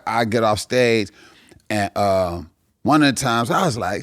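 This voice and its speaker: Low-voiced comedian telling stories. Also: male voice, unhurried, no room sound. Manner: animated, profane, acts out the characters in his stories. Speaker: guest comedian. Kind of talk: storytelling in a podcast chat.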